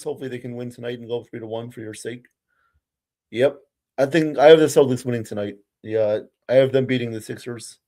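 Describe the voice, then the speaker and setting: A man's voice: medium pitch, warm tone. A young man doing amateur live play-by-play of a baseball game as a frustrated, ranting fan who curses now and then.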